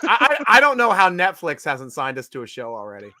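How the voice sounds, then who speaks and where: A man's voice: a little high, wildly swooping pitch, brisk, pushed and bright, dry recording. A man hosting a casual sports draft show, joking and rambling, laughing often. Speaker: podcast host.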